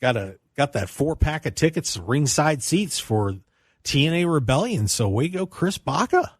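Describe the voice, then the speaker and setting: A man hosting a radio talk show from a studio by himself, upbeat and animated, hollering and laughing between topics. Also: fairly high pitch, moderate pace, breathy edge, dry recording. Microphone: studio microphone.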